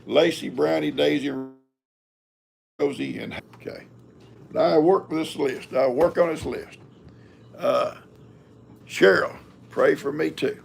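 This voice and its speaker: A man's voice: a little high, takes it slowly, gravelly, pauses often. An older man, hosting a live stream in a rambling, folksy chat and talking to his cats. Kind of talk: casual chat.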